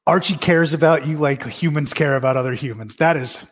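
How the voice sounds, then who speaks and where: A man's voice: a little high, fairly quick. A man on a podcast speaking casually and reflectively, in a reverberant room. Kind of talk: casual chat.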